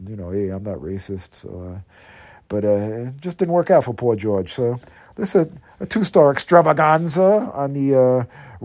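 A man's voice: mid-range voice, dark tone. A man from Long Island, New York, casually reviewing an old wrestling match on a podcast, rambling with many fillers and restarts. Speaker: podcast contributor.

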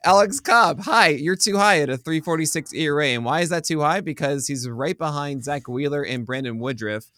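A man co-hosting a podcast, chatting casually and joking, often trailing off into quieter asides. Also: fairly high pitch, brisk, few pauses, no room sound, studio quality. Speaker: podcast co-host. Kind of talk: casual chat.

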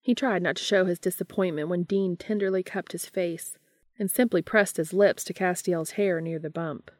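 A woman narrating a fan fiction audiobook in a calm, even storytelling manner. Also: lowish voice, normal speed, dry recording, clean studio sound.

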